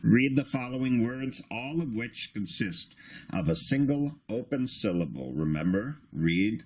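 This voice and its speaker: A man teaching a beginner reading lesson in a patient, instructive way, sounding out syllables slowly. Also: mid-range voice, lively intonation. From Australia. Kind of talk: slow recorded reading lesson.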